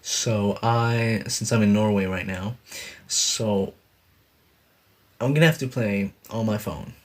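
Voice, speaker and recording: Sitting on a bed indoors, a young man chats casually on a live stream, rambling with lots of fillers and laughing at himself. His voice is lowish and his pace slow.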